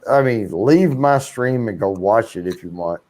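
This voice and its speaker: A man hosting a live stream, chatting casually and loosely with plenty of fillers. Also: on the low side. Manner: slow, relaxed talk with many fillers. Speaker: livestream host.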